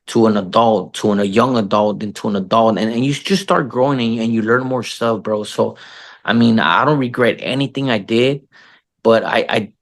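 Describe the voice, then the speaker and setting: Guest read: middle-aged man, gravelly, casual and profane, "bro" every line, lots of restarts. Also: lowish voice. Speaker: interview guest, actor. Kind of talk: casual podcast interview.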